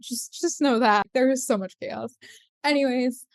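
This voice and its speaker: Animated high-voiced woman hosting a podcast. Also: a little slow, dry recording, clean studio sound. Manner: animated, acts out quoted voices with big pitch jumps. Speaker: podcast host. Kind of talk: casual storytelling chat.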